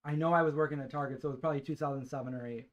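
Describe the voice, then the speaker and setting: A man's voice: medium pitch, steady tone, rapid-fire, dull audio. A middle-aged man hosting a cooking stream, chatting playfully and teasing his friends in a home kitchen. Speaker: cooking show host. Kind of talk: casual chat on a live cooking stream.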